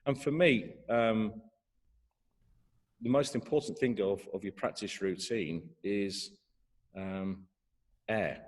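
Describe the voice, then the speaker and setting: A man's voice: on the low side, slow pace, pauses often, big-room sound. A middle-aged man teaching trombone in an online masterclass, hesitant, with many fillers and restarts.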